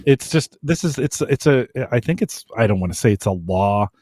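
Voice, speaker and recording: Animated, opinionated male podcast co-host. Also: mid-range voice, moderate pace, no room sound, studio quality. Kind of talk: casual podcast chat.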